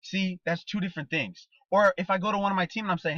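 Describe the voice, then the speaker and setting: Emphatic male trainer, bright ringing voice. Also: high voice, fast, no room sound. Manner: emphatic, coaching, rhetorical questions, repeats "guys" and "okay?". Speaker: network marketing trainer. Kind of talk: motivational training talk. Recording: dull, dry recording.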